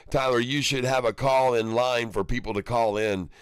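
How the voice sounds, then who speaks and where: A man's voice: mid-range voice, fairly even intonation, normal speed, smooth, dry recording, studio quality. A man hosting a casual livestream, chatting jovially with viewers and reading their comments aloud, laughing often. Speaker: stock market livestream host.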